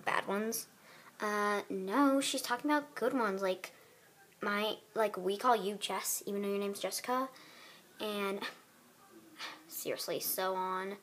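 Woman, slow girlish character voices, faint background hiss, homemade doll drama. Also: mid-range voice, fairly bright tone. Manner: switches between girlish character voices with giggles and whispers. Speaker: doll video voice performer.

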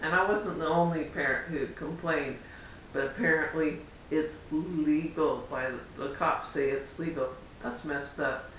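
A man talks to his camera in a loose, rambling vlog style, replaying conversations as he goes. His voice sits high for a man, and he is recorded from a distance in a very echoey room with a faint rumble behind him. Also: fairly even intonation, a little slow, fairly bright tone. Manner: chatty, rambling, acts out quoted exchanges. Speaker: parent vlogger. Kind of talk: casual vlog storytelling. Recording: roomy echo, far from mic, faint rumble.

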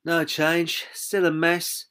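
A woman's voice: on the low side, flat delivery, takes it slowly, fairly bright tone, voice pushed up. A man voicing a strong-willed woman reporter who argues in a firm tone, in an audiobook. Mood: weary. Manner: firm, argumentative.

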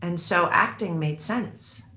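A woman's voice: fairly low pitch, takes it slowly, sharp tone, roomy sound. A middle-aged American woman speaking as an interview guest, reflective and thoughtful, often restarting her sentences. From United States. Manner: reflective, with frequent restarts and fillers. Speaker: author and actress, interview guest. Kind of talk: conversational interview.

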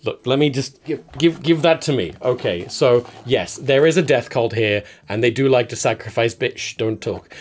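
A man's voice: medium pitch, lightly acted. A man improvising a nervous, pushy male estate agent rattling through a house tour. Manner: flustered, over-eager salesman patter. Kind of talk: improvised comedy presentation.

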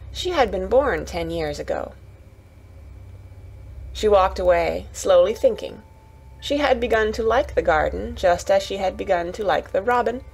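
A woman narrating a children's bedtime story in a calm, gentle reading voice. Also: mid-range voice, creaky, slightly rough, poor audio.

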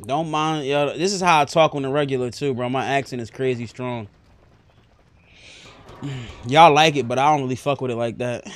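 A man's voice: medium pitch, fairly even intonation, moderate pace, long pauses, clear, resonant tone. A young man with a New York accent, chatting brashly and profanely while streaming a roleplay game. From New York area and New Jersey. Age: young adult. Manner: brash, profane, streetwise banter. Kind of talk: live-streamed roleplay chat.

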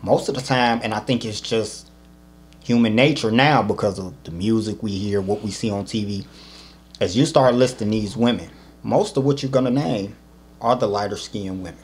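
Low-voiced man telling a story. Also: normal speed. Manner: storytelling, animated, drops to low asides. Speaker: podcast host. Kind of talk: casual podcast chat.

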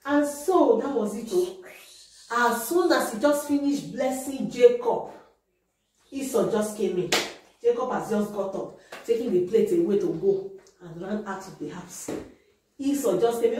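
A woman telling a Bible story to children in a lively way, often checking that her listeners understand. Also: fairly high pitch, a little slow. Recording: very echoey room, distant mic, noise.

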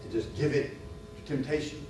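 A middle-aged man giving a sermon at a men's retreat, telling a personal story and building to loud preaching. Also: mid-range voice, steady tone, normal speed, background noise. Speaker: retreat speaker. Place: church retreat hall. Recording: echoey hall, far from mic, music behind.

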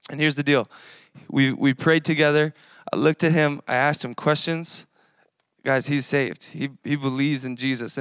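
A man in his thirties gives a relaxed sermon to a young adults group. His voice sits a bit high for a man, and he rambles through his story full of fillers and restarts. The sound is dry and close, with no room echo. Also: clean tone. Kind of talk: casual sermon.

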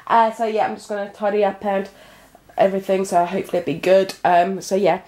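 In a relaxed home vlog, a twenty-something woman from the UK addresses viewers directly and rambles on. Her mid-range voice is warm, fairly quick and flat in delivery.

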